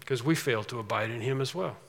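A man preaching a sermon as pastor, emphatic, swinging from quiet asides to loud, drawn-out declarations. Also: mid-range voice, gravelly, in a large hall.

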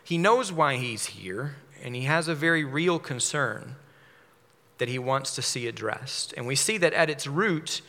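A man preaching a measured sermon, explaining a psalm verse by verse. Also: medium pitch, pushed and bright. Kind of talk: expository sermon. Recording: long hall reverb.

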